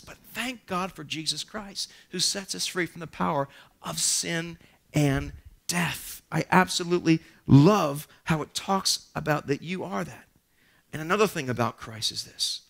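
A man delivering a church sermon, his voice sitting a little high and ringing bright and forceful. He preaches with animated energy and drops in funny stories about himself. His sentences often restart with a stammer. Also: moderate pace, creaky. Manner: animated preaching with humorous asides and self-deprecating stories. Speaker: pastor. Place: church sanctuary.

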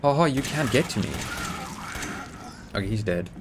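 A man giving excitable let's-play commentary, swearing, joking and pleading with the game as he plays. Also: lowish voice, normal speed, background noise. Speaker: gaming YouTuber.

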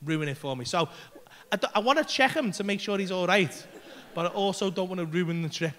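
A man's voice: sits high, brisk, fairly bright tone, slight background noise. A man doing stand-up in a comedy club, telling a rambling story with lots of swearing and acting out his own panic. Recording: live club recording. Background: audience laughter.

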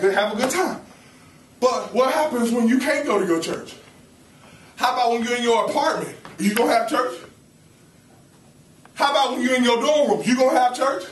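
A young man preaching a lively, playful sermon to a campus ministry, calling out questions to his listeners. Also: very high voice. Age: young adult. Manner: animated, playful, calls to the audience. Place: campus ministry meeting room. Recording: roomy hall, mic at a distance.

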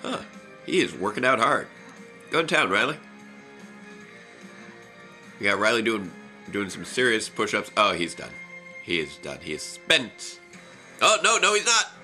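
A young man co-hosting a casual live reaction video, exclamatory and animated, often restarting his sentences. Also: lowish voice, normal speed, pauses often, faint music behind. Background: television episode playing.

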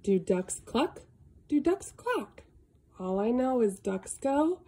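A woman reading a picture book aloud to a young child, slow and sing-song, with gasps and animal sounds. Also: on the high side, sing-song, dark tone, a little hiss or hum. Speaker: storybook reader.

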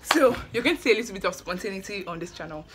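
A young woman in her twenties talks straight to her viewers in a hyper, breathless rush, repeating phrases and playing up the drama. Her voice sits at an ordinary pitch for a woman. There's clear noise and clicks behind her. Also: expressive, rapid-fire. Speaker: YouTuber, medical student. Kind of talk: excited casual vlog chat.

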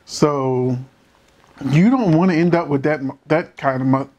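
In a muffled recording, a man with a slightly high, darkish voice talks at a measured pace. He's commenting on a court show couple's fight in a casual, emphatic way, firing off rhetorical questions and working hard to keep from cursing.

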